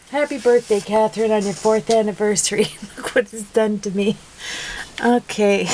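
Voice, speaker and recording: A woman's voice: medium pitch, moderate pace, a little mellow, slight background noise, poor audio. A woman chatting casually while making a card, giggly and rambling, laughing at herself. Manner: giggly, rambling, self-mocking. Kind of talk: casual crafting video chat.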